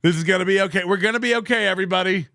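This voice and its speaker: A man's voice: sits high, very fast, sharp tone, no echo, studio quality. A man hosting a show, reacting to clips with sarcastic, profane commentary and frequent laughs.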